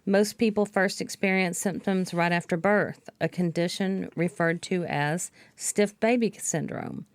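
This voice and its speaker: Woman, podcast co-host, low voice, dry recording, measured reading, casual chat. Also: smooth, no echo. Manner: measured, reads out topics.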